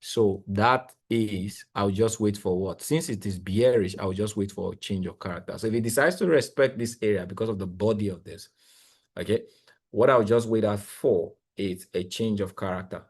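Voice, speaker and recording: A young man, coaching traders live while sharing his screen, talking in an excitable, exclamatory, rambling way with lots of repeats. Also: on the low side, normal speed, slightly rough. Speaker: trading coach. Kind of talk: live screen-share trading analysis.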